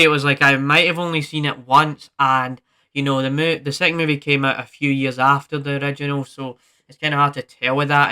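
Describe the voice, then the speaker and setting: Man, movie review vlog host, rambling casual talk, very bright, clean smooth voice. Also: mid-range voice. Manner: rambling, many fillers and restarts.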